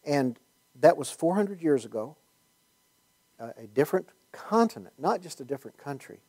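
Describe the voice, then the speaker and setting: A man's voice: a little high, big pitch swings, moderate pace, darkish tone, breathy edge. A man giving a conversational Bible teaching talk, rambling with many fillers and restarts and wry asides. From United States.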